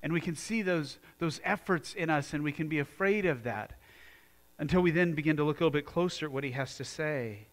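A man preaching a sermon as pastor, moving from quiet, earnest talk to loud, fired-up exhortation. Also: on the high side, a little fast.

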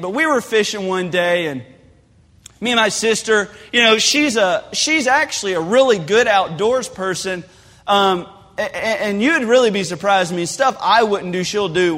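A man preaching a sermon in a church, telling folksy stories with lively asides. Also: sits high. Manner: animated storytelling with folksy asides. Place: church sanctuary. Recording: long hall reverb.

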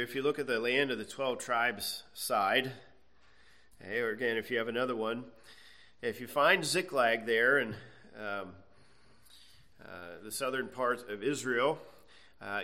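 Bible teacher, male, bright forceful tone, reads verses then unpacks them casually for the class. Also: mid-range voice. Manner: conversational, checks in with frequent "okay"; reads scripture aloud then explains.

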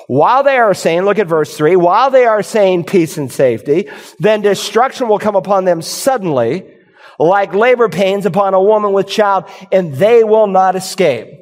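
A man preaching a sermon as pastor, animated and storytelling, sometimes acting out confused churchgoers. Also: high-pitched, normal speed. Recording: long hall reverb.

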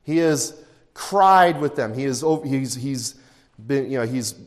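A man's voice: medium pitch, animated, slow. A middle-aged man preaching an expository sermon in a conversational, anecdotal way, with asides and chuckles. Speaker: pastor. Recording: long reverb in a large hall.

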